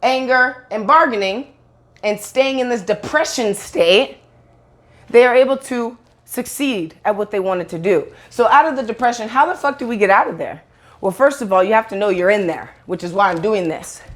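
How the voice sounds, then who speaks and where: A woman's voice: a little high, moderate pace, fairly bright tone. A woman in a casual monologue to camera, blunt and profane, rambling with restarts and acting out quoted voices. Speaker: online video host.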